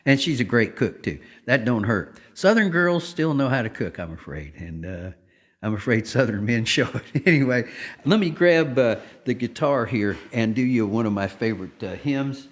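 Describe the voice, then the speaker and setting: A man hosting a weekly gospel livestream, talking softly and devotionally to viewers, with frequent filler words. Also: mid-range voice, sing-song. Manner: soft-spoken, unhurried, many filler words. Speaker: gospel singer and livestream host. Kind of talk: casual devotional talk. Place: home livestream.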